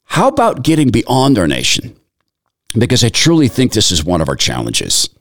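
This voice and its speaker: A man's voice: medium pitch, huge pitch swings, normal speed, dry recording, clean studio sound. A man giving sermon-like commentary in an earnest tone, reciting scripture in long lists. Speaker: Christian commentator.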